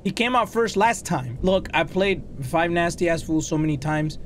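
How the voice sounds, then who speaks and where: A man's voice: a little high, expressive, moderate pace, slight background noise. A man giving frantic horror-game commentary as a gaming YouTuber, yelping, swearing and slipping into Spanish.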